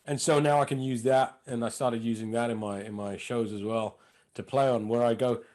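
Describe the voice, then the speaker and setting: A comedian and impressionist talking as a podcast guest, telling stories in an animated way and slipping in and out of voices. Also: male voice, medium pitch, a little fast. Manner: animated storyteller, slips into impressions. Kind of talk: casual interview chat.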